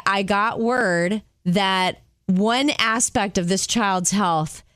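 A woman's voice: medium pitch, no room sound, studio quality. A woman co-hosting a radio show, telling stories in casual on-air chat.

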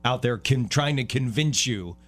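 A man's voice: mid-range voice, moderate pace, a bit bright, soft background music. A middle-aged man co-hosting a talk radio show, speaking earnestly and emphatically in a casual way, often restarting his phrases.

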